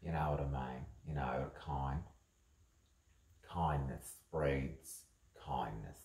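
Very deep gravelly man, slow musing monologue. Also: fairly even intonation, a little mellow, reverberant. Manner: rambling, musing, repetitive. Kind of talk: improvised spoken monologue.

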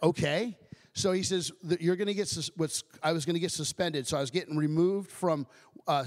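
A man giving his personal testimony in church as a guest speaker, telling it in an animated way, acting out quoted voices and often restarting his sentences. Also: fairly high pitch, big-room sound. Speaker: guest speaker, ministry director.

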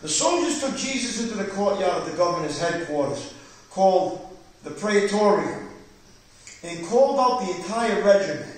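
Fervent high-voiced male pastor, echoey hall. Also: lively intonation, normal speed. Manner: fervent, preaching with rising emphasis. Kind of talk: Bible study sermon. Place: church. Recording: echoey church hall, distant mic.

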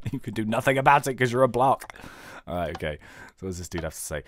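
A man's voice: lowish voice, animated, fairly quick, a little hiss or hum. A young British man giving casual, joking gameplay commentary as a let's-player. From Britain. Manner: chatty, joking, upbeat.

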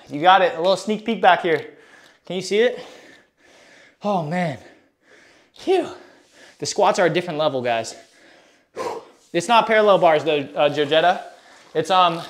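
An out-of-breath man live-streaming a workout, chatting with viewers in a hyped, slangy way while exercising. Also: sits high. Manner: hyped, slangy, reads chat aloud. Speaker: fitness streamer.

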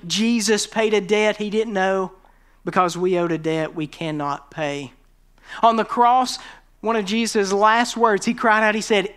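A man preaching a sermon as pastor, who rises to loud emphatic stretches and drops to quiet, low tones when he quotes scripture.

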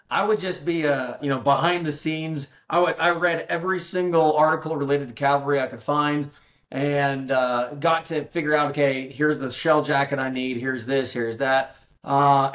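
Rambling man, slightly high voice, lo-fi. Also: a bit bright. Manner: rambling, many restarts and asides. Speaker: podcast guest. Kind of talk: casual interview storytelling.

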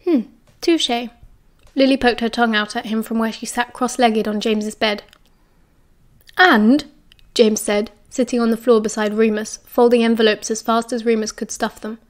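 A woman narrating an audiobook with a slightly high voice. She reads in a measured, expressive way and gives each line a clear storybook rhythm. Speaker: audiobook reader. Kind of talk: audiobook narration of fan fiction.

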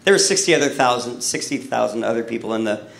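A hoarse man preaching a story-driven sermon, rambling and correcting himself as he acts out a childhood tale. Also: medium pitch, expressive, quick pace, a bit bright, slight background noise. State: hoarse from losing his voice. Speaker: pastor. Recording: echoey church hall.

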